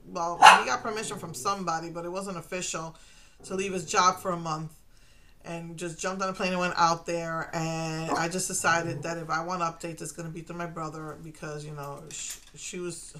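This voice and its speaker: A middle-aged woman from Puerto Rico speaks in a bright, clear-edged voice at a middle pitch. She talks to camera in a raw, rambling confessional way, restarting sentences as she works through her feelings. Her delivery is emotional and personal. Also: a little hiss or hum. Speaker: vlogger.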